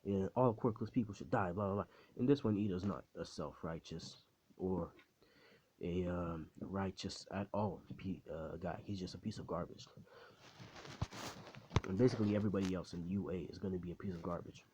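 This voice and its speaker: A man's voice: deep voice, steady tone, moderate pace, mellow, a little hiss or hum. A man casually retelling a fan story in a rambling, slangy way, laughing at his own jokes. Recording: slightly muffled recording.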